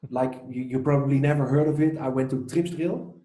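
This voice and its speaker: A man with a Dutch accent, a podcast guest chatting casually, relaxed and repeating his words as he thinks. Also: medium pitch, brisk. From Netherlands. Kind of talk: casual chat. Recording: echoey room.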